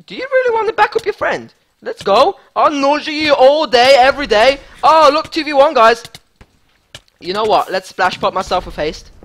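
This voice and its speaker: Hyped high-voiced male gamer. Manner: excitable, hyped, repeats phrases. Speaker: gaming YouTuber. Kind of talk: live gameplay commentary.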